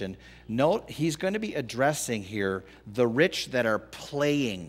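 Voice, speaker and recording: A middle-aged man preaching a sermon as pastor, pausing often and rising to loud, emphatic peaks. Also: medium pitch, very animated.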